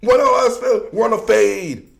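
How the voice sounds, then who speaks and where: A creaky, high-pitched man keeps a measured pace while hosting a casual football show, joking in lively slang and shifting back and forth between shouting and muttering.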